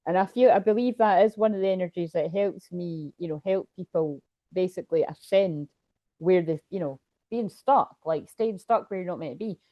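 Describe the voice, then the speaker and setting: Chatty Scottish woman, rambling and low-pitched. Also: normal speed, dull audio. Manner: rambling, chatty, laughs often. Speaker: tarot reader. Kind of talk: casual livestream chat.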